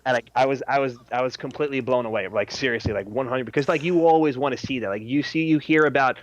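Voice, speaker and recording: A young adult man as a guest in casual chat, talking excitedly in slang and swearing freely. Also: mid-range voice, quick pace, dull audio.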